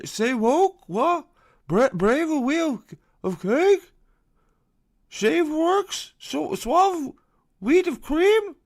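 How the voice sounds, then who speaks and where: A man doing a high panicky confused bystander. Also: creaky, heavily acted. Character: panicked man squinting at a sky banner.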